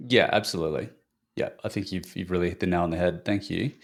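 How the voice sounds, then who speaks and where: A man hosting a business podcast, asking a guest questions in a relaxed way with some fillers. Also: deep voice, quick pace, creaky. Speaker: podcast host. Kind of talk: interview questions.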